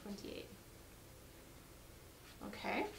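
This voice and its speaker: A woman's voice: drawn-out words, far from the mic, noisy background. A woman hosting a live jewelry sale, chatty and upbeat as she reads out lot numbers and prices, her voice getting worn. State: losing her voice.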